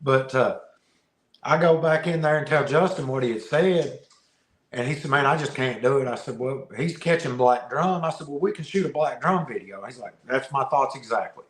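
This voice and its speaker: A man guesting on a podcast, telling a fishing story in a casual, animated way, often laughing and repeating words. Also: medium pitch, normal speed. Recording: roomy echo.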